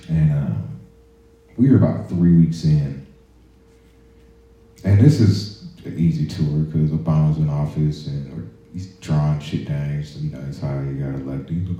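This podcast host, a man who served in the army, has a bass voice with a steady tone and measured pace. He spins casual stories profanely and easily, wandering into quiet asides, on a muffled recording made in an echoey room.

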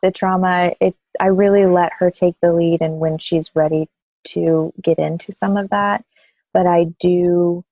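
Gravelly-voiced woman postpartum doula. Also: fairly low pitch, no echo, poor audio. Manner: thoughtful, gentle, with soft laughs. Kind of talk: interview conversation.

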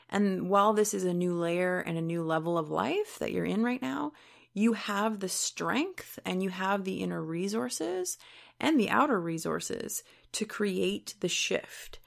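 A woman's voice: medium pitch, gravelly. A woman speaking as a self-help coach, giving an encouraging motivational talk in a casual way, with the odd swear word.

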